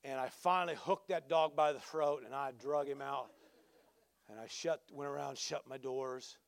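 A man preaching a sermon, telling a personal story with lively rambling and loud exclamations. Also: mid-range voice, normal speed, vocal fry, dry recording. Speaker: pastor.

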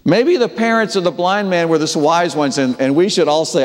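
A man preaching a sermon, telling the story with animated delivery and acting out the characters' voices. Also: on the high side, normal speed, long reverb tail. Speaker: pastor.

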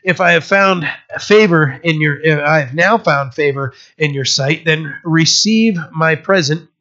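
A man's voice: fairly high pitch, unhurried, bright, forceful tone. A male pastor giving an informal, conversational Bible teaching sermon, retelling scripture scenes in everyday speech. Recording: slightly muffled lo-fi recording.

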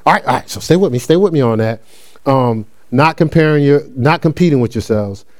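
A man's voice: medium pitch, fairly quick. A man preaching a conversational sermon, repeating phrases and checking in with his listeners as he teaches. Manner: animated, repetitive, conversational preaching with call-and-response.

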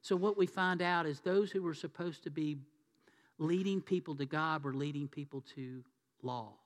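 A man's voice: a little high, moderate pace. A male pastor preaching a sermon in a conversational way, asking his congregation rhetorical questions. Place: church sanctuary. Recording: long hall reverb.

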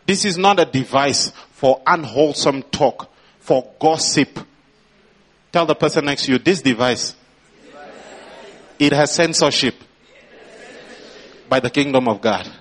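A man's voice: mid-range voice, a little slow, pauses often, a bit bright. A man preaching a sermon as pastor, prompting the congregation and rising into emphatic bursts.

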